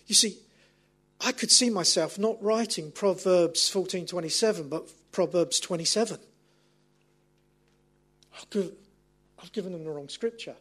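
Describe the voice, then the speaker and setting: High-voiced preacher telling stories. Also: male voice, a little slow, pauses often. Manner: animated, self-mocking storyteller. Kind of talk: storytelling sermon.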